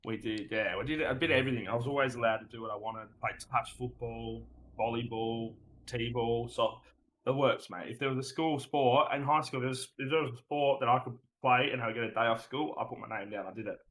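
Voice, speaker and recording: A man's voice: mid-range voice, steady tone, fairly quick, fairly bright tone, poor audio. An Australian man, a podcast guest, chatting casually and rambling through stories, often saying "mate". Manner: laid-back, rambling storyteller who says "mate" a lot.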